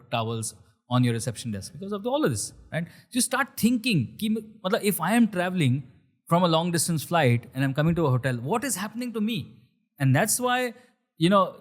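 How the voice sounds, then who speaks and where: A middle-aged man with an Indian accent, mixing Hindi and English as he tells a story in an interview. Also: fairly high pitch. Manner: animated, mixes Hindi and English. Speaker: chef and restaurant founder. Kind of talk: conversational storytelling.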